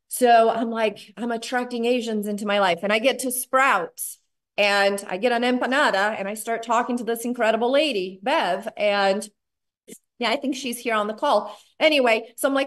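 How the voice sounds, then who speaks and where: A woman giving a chatty sales training talk on a video call, acting out conversations in brighter voices. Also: fairly high pitch, fairly even intonation, normal speed. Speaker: network marketing trainer.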